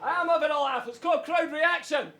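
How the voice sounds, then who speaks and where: A Scottish man mocks his rival in a very high voice, laughing and shouting his lines. The echoey venue is full of a loud crowd and noise. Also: a little fast. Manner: mocking, laughing, shouting punchlines. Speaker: battle rapper. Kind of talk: rap battle verses over crowd.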